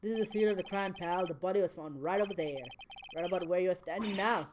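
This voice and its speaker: A woman voicing a gruff, friendly male police detective from a video game, folksy and plain-spoken. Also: lowish voice, fast, heavy background noise, close to an everyday voice. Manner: folksy, says "pal".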